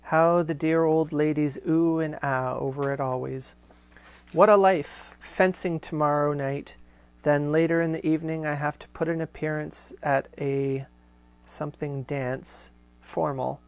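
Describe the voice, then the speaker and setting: Gravelly man reading old letters aloud. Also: on the high side, steady tone. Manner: measured reading with casual off-the-cuff asides. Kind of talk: live show, reading letters aloud with asides.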